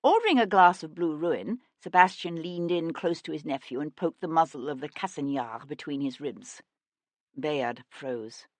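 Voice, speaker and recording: Woman audiobook narrator, low voice, lively pitch, dry close mic. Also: normal speed, dry recording. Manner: expressive, lively storytelling. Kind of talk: scripted narration.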